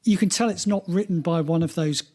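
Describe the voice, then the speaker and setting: A man's voice: high-pitched, a little mellow. A man co-hosting a podcast in casual chat, teasing his co-host and laughing easily. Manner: chatty, teasing, quick to laugh.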